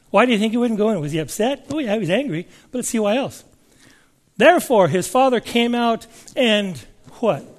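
High-voiced man preaching a sermon. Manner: emphatic, asks the listeners questions, reads scripture aloud.

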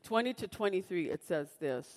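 A woman preaching a sermon, switching between loud, impassioned scripture reading and hushed personal storytelling. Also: on the low side, expressive, moderate pace, in a large hall.

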